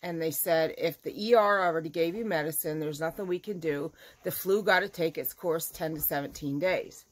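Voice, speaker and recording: A woman crochet vlogger chatting casually to her viewers, telling an animated story. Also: low voice, moderate pace, few pauses. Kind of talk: casual chat to camera.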